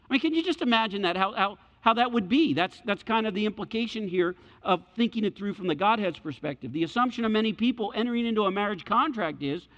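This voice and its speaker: A man's voice: high-pitched, expressive, fast, few pauses, a bit bright. A middle-aged male pastor preaching a sermon, repeating key phrases and acting out the voices in his stories. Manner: acts out quoted voices in storytelling. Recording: dull lo-fi sound with hall reverb.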